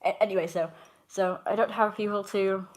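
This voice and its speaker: A woman's voice: medium pitch, fairly even intonation, normal speed. A woman chatting on a livestream, rambling and correcting herself as she goes. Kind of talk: casual livestream chat.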